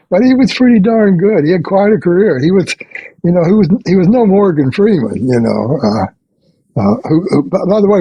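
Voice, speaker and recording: An older man, a veteran session bassist, telling rambling anecdotes in a podcast interview and chuckling between stories. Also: a little mellow, husky, dry recording, low-quality recording. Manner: rambling anecdotes with restarts and quoted dialogue.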